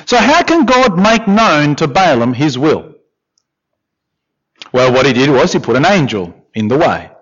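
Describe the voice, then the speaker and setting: Give me a fairly high-voiced man preaching a sermon with lively, expressive delivery. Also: measured pace, slightly rough. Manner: expressive, with questions and emphatic repetition. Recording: dull lo-fi recording.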